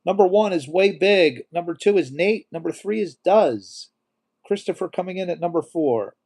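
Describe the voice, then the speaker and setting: A middle-aged man hosting a casual live stream, talking softly and emotionally while reading viewer comments aloud. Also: high-pitched, lively intonation, moderate pace.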